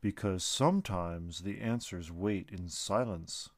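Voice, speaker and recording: A man voicing a calm, wise male tree spirit in a storybook reading, speaking slowly and softly. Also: sits low, no room sound, studio quality, pitched below the performer's own voice. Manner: slow, soft, patient.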